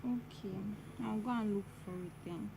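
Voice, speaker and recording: A woman's voice: mid-range voice, moderate pace, mellow, a little hiss or hum, natural voice. A woman with a Nigerian accent playing a young tailor who pleads and soothes her partner in a skit. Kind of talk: amateur skit acting.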